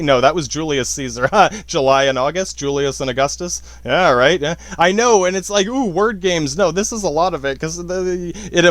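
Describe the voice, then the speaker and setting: Profane rambling man, high voice. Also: a bit bright, no room sound. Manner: profane, self-deprecating, frequent apologies and laughs. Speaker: podcast host. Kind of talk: rambling casual monologue.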